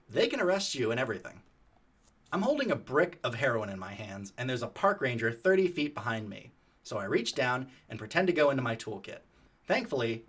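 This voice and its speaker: Animated casual male storyteller. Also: mid-range voice, husky. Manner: animated, profane, conversational.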